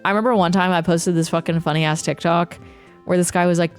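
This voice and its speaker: A woman's voice: fairly low pitch, clear, resonant tone. A young woman streamer chatting casually, ranting with profanity and reading chat aloud. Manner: animated, profane, quick ranting with laughs. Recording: faint music behind.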